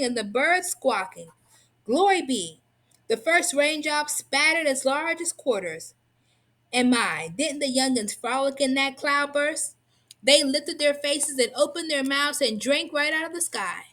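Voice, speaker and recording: Woman reading a storybook aloud. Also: high voice. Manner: expressive, lively storytelling. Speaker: reader.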